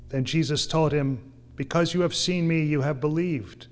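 A man preaching a sermon, reading scripture slowly and then pressing his point with earnest emphasis. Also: on the high side. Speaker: pastor.

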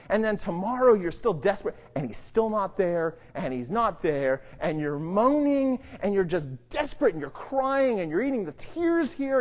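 A Bible teacher lecturing on the Psalms, reading verses slowly and then explaining them in a dramatic, conversational way, dropping to hushed low phrases for emphasis. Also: long reverb tail. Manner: reads scripture slowly, then comments conversationally.

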